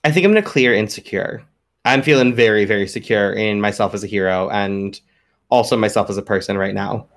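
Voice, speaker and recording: A man's voice: on the low side, brisk, fairly bright tone. A man playing a tabletop role-playing game, describing his character's actions in a conversational way. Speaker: player.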